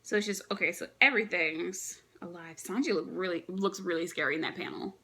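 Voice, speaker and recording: A young woman reacting live to a comic chapter, chatty and excited, thinking aloud with frequent restarts. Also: on the low side, fairly quick. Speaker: manga reaction vlogger.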